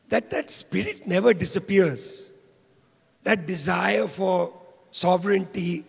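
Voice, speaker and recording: Hoarse, gravelly older man lecturing. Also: high voice. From India. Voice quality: hoarse, rough voice. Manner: impassioned, repeats key phrases. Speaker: public lecturer. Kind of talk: public lecture. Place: lecture hall. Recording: reverberant hall.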